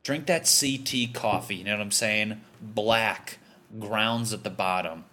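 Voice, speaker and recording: A man voicing a gruff, angry East Coast dad who barks profane, mocking scorn. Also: on the low side, measured pace, sharp tone. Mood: furious, mocking.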